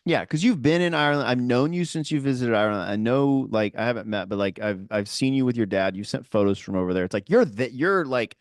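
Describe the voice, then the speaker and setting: Male podcast co-host, easygoing and rambling, smooth voice, bouncy intonation. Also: medium pitch, lively intonation, brisk, few pauses, dry recording, studio quality. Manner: easygoing, rambling, full of filler words. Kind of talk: casual chat.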